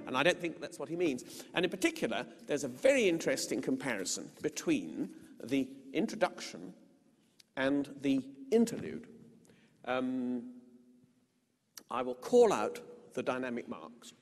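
A middle-aged British man giving a music lecture, explaining and reciting song verses with deliberate emphasis. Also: medium pitch, big pitch swings. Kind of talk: lecture with spoken and sung musical examples. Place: lecture hall. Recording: long hall reverb.

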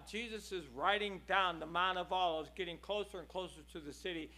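A man preaching a sermon in a church, impassioned, moving between hushed and loud passages. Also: high voice, a little fast, few pauses.

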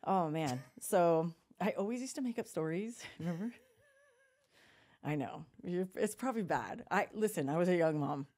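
A middle-aged woman hosts a podcast and tells family stories in a casual chat. Her voice is warm and mellow and sits a little low. She acts out the other people in her quotes. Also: animated, moderate pace. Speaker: podcast host.

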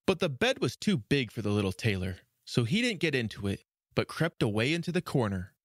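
Expressive male storybook narrator. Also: mid-range voice, a little fast, dry recording, clean studio sound.

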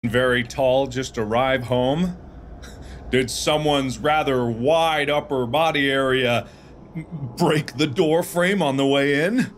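A man in his thirties commentating on his own gameplay in a goofy, animated way, with sudden bursts of yelling. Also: mid-range voice, slow pace, a little hiss or hum. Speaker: gaming video host.

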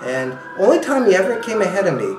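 A man being interviewed, spinning anecdotes in a lively, swooping voice that climbs high and drops low, laughing often and restarting sentences. His voice is a little high for a man. He sits back from the microphone in a reverberant room with a faint hiss. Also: fast. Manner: animated, laughing often, many restarts and you-knows. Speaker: ultrarunner guest. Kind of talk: casual interview storytelling. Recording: roomy, a bit distant from the mic.

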